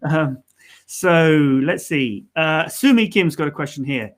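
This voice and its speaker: Expressive and fairly quick, a man with a voice on the high side co-hosts a live learning stream. He walks through pronunciation in a casual, hesitant manner, leaning heavily on ums, fillers, and restarts.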